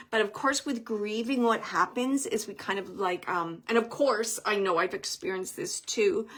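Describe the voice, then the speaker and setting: A woman reading oracle cards as a medium, speaking gently and reassuringly, thinking aloud with many fillers and pauses. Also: medium pitch. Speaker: oracle card reader and medium. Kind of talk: intuitive card reading for a viewer.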